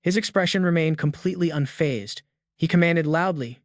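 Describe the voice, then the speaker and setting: A man's voice: fairly high pitch, moderate pace, dry recording, studio quality. Man narrating a dramatic recap.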